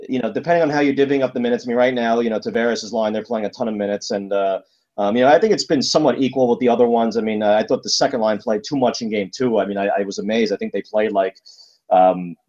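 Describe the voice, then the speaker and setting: A man's voice: on the low side, fast, a little mellow, dull audio. A man co-hosting a casual sports talk show, blunt and emphatic, with lots of fillers and restarts. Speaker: sports podcast co-host.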